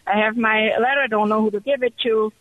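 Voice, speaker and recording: A woman calling in to a radio show, telling her story in an excited, chatty way. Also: a little high, quick pace, dry recording. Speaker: caller. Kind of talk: call-in radio testimony. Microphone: telephone. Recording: muffled phone line.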